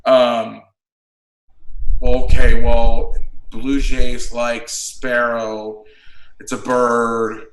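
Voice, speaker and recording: A man who coaches football, breaking down defensive play calls in a casual chat, blunt and quick to swear. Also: mid-range voice, monotone, a little hiss or hum. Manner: blunt, swears freely, explains plays in detail. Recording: roomy echo.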